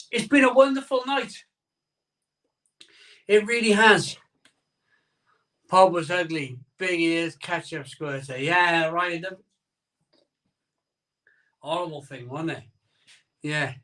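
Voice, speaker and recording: A man's voice: fairly high pitch, bright, forceful tone, recorded from a distance. A man hosting a casual live stream from home, rambling and reading out viewer comments.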